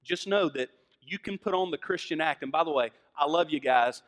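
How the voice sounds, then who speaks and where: A man with a Southern American accent preaching a sermon, moving from hushed lines to loud, fervent emphasis. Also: fairly high pitch, a little fast. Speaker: pastor.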